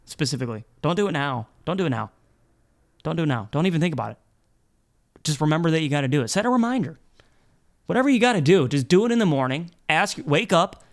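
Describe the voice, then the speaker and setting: A man with a slightly high voice hosts a solo podcast from a studio set. He talks in a rambling, playful way, swearing freely and tripping over restarts as he lectures his listeners. His delivery is loose and conversational. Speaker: podcast host. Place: indoor studio set with black background.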